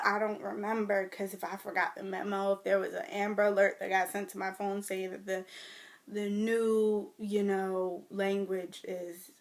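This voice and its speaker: A young American woman, talking casually to camera about her life, swinging between loud mimicry and near whispers. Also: normal speed. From United States. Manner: animated storytelling, mimics others in loud high voices, drops to near whispers. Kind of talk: casual vlog rant. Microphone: phone or webcam.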